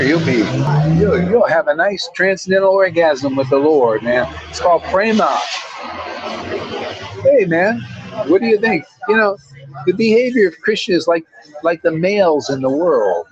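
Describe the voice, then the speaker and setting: A man's voice: high-pitched, dull audio. A man giving an informal devotional talk as a spiritual teacher, blunt, preachy and full of slang.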